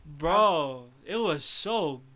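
A man's voice: fairly high pitch, lively intonation, extremely slow, bright, forceful tone, slight background noise. A young man co-hosting a podcast in casual chat, slangy and emotional, saying "bro" constantly. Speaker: podcast co-host.

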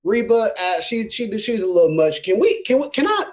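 A man's voice: high voice, big pitch swings, normal speed. A man co-hosting a casual chat who talks in an easygoing way, laughs often and fills in with "like". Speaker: podcast co-host.

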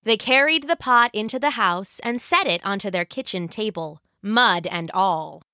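A woman narrating a folk tale as a storyteller, slow and expressive. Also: medium pitch, no echo, studio quality.

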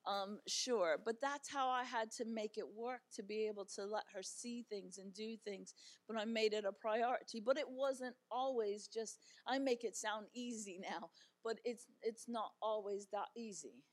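A woman's voice: fairly high pitch, normal speed. A middle-aged woman giving an encouraging talk as a guest speaker, telling stories in a chatty way with fillers and light humor.

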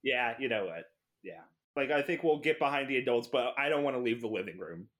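A man playing a tabletop game, joking and halting with many fillers. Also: medium pitch, expressive, a bit bright. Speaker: player. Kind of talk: casual tabletop play.

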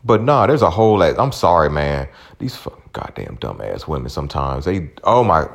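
A man's voice: a bass voice, sing-song, moderate pace, creaky. A man in his forties hosting a podcast, ranting bluntly with plenty of swearing. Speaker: podcast host. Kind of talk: casual profane rant.

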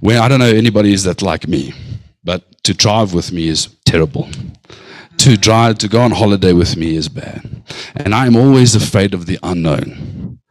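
A pastor preaching a sermon, slowing down to stress lines and then speeding up in bursts. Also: male voice, sits low, no room sound, poor audio. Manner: preaching with slow drawn-out emphasis and sudden bursts of speed.

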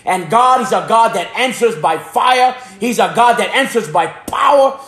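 A man from Hawaii with a very high voice gives a fervent religious testimony, repeating phrases and tripping over his words. He sounds like a preacher. The room around him is echoey. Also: expressive, moderate pace, fairly bright tone. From Hana, Maui, Hawaii.

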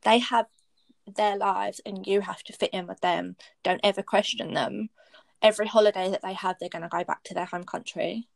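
A woman's voice: mid-range voice, fairly even intonation, moderate pace, vocal fry, no room sound. A young woman, candidly telling a personal story in casual chat, blunt and swearing freely.

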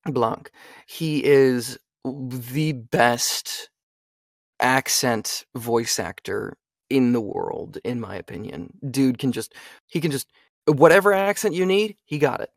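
A man's voice: mid-range voice, animated, slow pace, vocal fry, dry recording. Chatty young man with a dry sound. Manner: chatty, asks "you know what I mean?" a lot. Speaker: voice actor and audiobook narrator. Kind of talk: casual interview chat.

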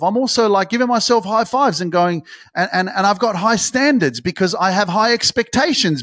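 A man delivers a motivational podcast monologue, intense and profane, repeating his points for emphasis. His voice sits somewhat high for a man. The recording is dry and close, with no room sound. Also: a bit bright, no echo. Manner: intense, swearing, repetitive, pep-talk emphasis. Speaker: podcast host.

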